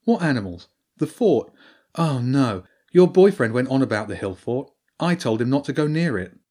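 A man voicing a defiant older teenage girl in an audiobook, talking sharp and dismissive. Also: medium pitch, very animated, normal speed.

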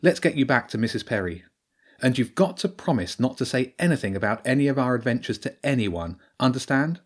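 A man's voice: medium pitch, animated, brisk, slightly rough. A man voicing an earnest, anxious young teenage girl in an audiobook, with a pleading, urgent manner.

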